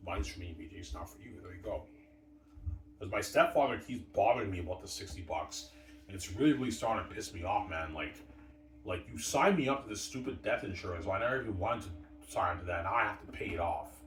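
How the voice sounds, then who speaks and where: A man's voice: low-pitched, lively intonation, quick pace, a bit bright, slight background noise. A man ranting in a rambling, profane, aggrieved solo monologue. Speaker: vlogger. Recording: echoey room, far from mic.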